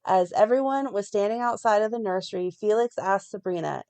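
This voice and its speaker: A woman co-hosting a fan podcast, reading a plot recap in a steady run and breaking off now and then to comment. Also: mid-range voice, brisk, hardly any pauses. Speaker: podcast co-host recapping a soap.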